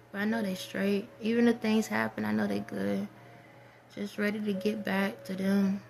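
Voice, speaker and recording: Soft-spoken reflective woman vlogger. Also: mid-range voice, little pitch movement, normal speed, gravelly, faint music behind. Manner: reflective, rambling, soft-spoken, trails off into whispers. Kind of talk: casual spiritual monologue.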